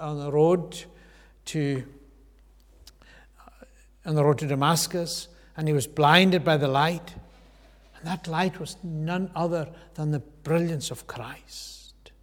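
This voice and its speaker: Male preacher, slightly high voice, earnest sermon delivery, long hall reverb. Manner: earnest, swells loud then drops to a hush.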